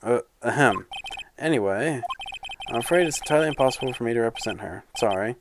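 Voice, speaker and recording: A man's voice: medium pitch, expressive, fast, background noise, lightly acted. A man voicing a pompous, evasive older male lawyer in a video game.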